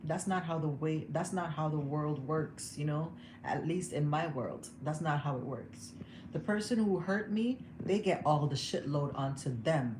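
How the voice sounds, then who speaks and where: Young woman venting on a phone stream, lowish voice, echoey room with hiss behind. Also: unhurried. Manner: emotional, candid, laughs often. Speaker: vlogger. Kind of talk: casual livestream chat. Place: home room. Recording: echoey room with background noise.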